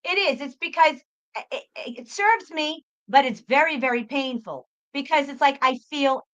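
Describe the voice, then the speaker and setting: A woman's voice: sits high, moderate pace, a bit bright. A woman guest who works as a psychic, talking emphatically in a casual conversation, often repeating words and swearing. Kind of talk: casual chat.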